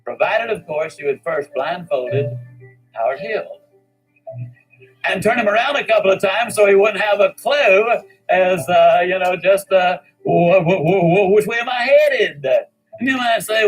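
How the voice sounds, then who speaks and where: A man with a fairly high voice tells stories in a folksy motivational speech. He leans on dramatic pauses and boastful humor. Faint music plays underneath. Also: low-quality recording. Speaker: motivational speaker.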